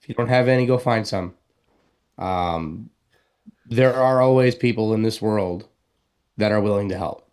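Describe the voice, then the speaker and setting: A man co-hosting a talk show, speaking earnestly and haltingly as he gives heartfelt advice. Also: fairly low pitch, a little mellow, smooth. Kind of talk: casual talk show chat.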